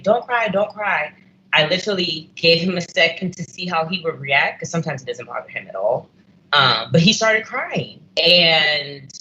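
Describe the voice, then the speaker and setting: A woman's voice: low voice, bright, forceful tone. A woman on a talk panel, speaking earnestly and reflectively in casual conversation. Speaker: guest panelist. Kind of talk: casual discussion. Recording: dull audio with faint noise.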